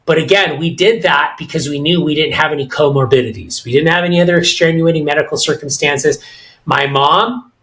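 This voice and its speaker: A man's voice: a little high, fairly quick, fairly bright tone, low-quality recording. A middle-aged man with an American accent, talking animatedly and with firm opinions as co-host of a casual podcast discussion, often restarting his sentences.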